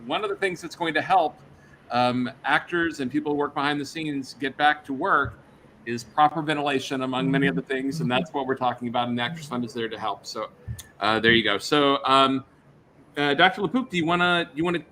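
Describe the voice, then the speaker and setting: Host guy, bright sharp voice, upbeat, faint hiss. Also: medium pitch, fairly quick, rough recording. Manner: upbeat, bright, steers the show. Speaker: show host. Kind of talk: hosting a live-streamed talk show. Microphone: video call.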